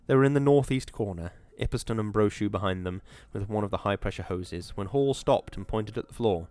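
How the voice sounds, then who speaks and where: A man reading a story aloud in steady, measured audiobook narration. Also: on the low side.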